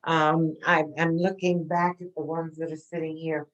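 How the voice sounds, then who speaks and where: A woman's voice: low-pitched, little pitch movement, moderate pace, dull audio. Chatty woman teaching a gardening class. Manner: chatty, warm, checks in with "okay?".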